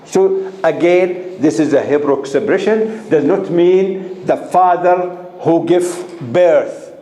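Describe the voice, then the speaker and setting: Slow-talking man teaching a class. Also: fairly high pitch, mellow. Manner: asks the class questions and repeats key terms. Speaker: instructor. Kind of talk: classroom lecture. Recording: echoey room with faint noise.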